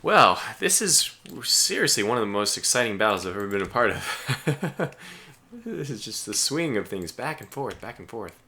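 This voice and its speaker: A man giving live gameplay commentary as a streamer, chatty and excitable, talking aloud to the ships he commands. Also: lowish voice, normal speed.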